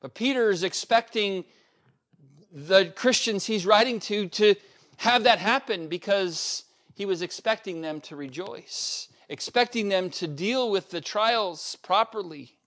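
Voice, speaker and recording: A middle-aged man preaching with earnest conviction, his voice sitting a little high for a man. He moves between raised, emphatic passages and quiet, conversational asides. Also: unhurried. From United States. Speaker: pastor. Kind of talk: sermon.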